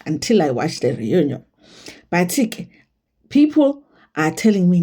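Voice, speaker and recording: A woman's voice: fairly low pitch, sing-song, measured pace, long pauses, warm tone, breathy edge. A woman with a South African accent hosting a gossip vlog, emphatic and playful, repeating herself for effect. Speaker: entertainment vlogger. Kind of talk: casual gossip commentary.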